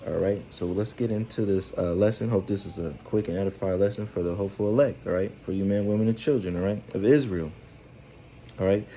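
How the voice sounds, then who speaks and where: A Bible teacher gives a loose, informal scripture lesson, tagging nearly every phrase with "all right?" and rambling with fillers and repeated words. His voice is fairly low, mellow and a little fast, with slight background noise.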